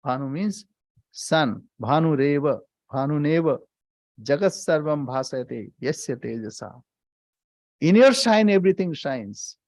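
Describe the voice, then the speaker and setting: A male swami leads a scripture class at an unhurried, measured pace, often repeating a line to drive it home. He breaks into chanted verses between his explanations. The recording is dry and close, with almost no room sound. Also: fairly high pitch, lively intonation, darkish tone, no echo. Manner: deliberate, repeats phrases for emphasis, chants verses.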